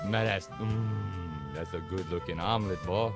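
A man voicing a broke Cajun man with an animated drawl, pitching a silly invention in a parody dub. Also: unhurried, over music. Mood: hustling.

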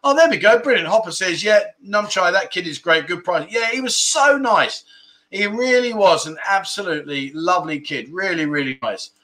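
A man's voice: high-pitched, expressive, moderate pace, pushed and bright. A man hosting a casual livestream, chatting and reading viewer comments, laughing often and tripping over his words. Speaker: livestream host.

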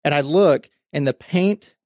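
Co-hosting a podcast, a man in his thirties tells stories in casual chat, animatedly acting out voices. His pitch is fairly high and his pace a little slow. The audio has no echo but sounds lo-fi.

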